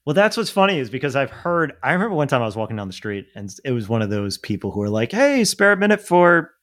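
A man with a deep voice, co-hosting a podcast in casual chat, joking and self-deprecating, often repeating himself. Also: very fast. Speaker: podcast co-host.

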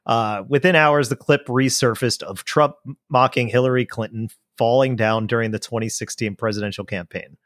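A man with a mid-pitched, even voice reads news on a casual podcast. He sounds measured and a bit wry, adding dry remarks between quotes. The recording is close and dry. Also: no room sound. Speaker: podcast co-host. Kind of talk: casual chat, reading news aloud.

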